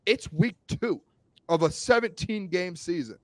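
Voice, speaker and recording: A man's voice: sits high, measured pace, no echo. A man co-hosting a sports podcast, arguing defensively and stumbling over his words in a heated debate. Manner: defensive, stammering restarts. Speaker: co-host.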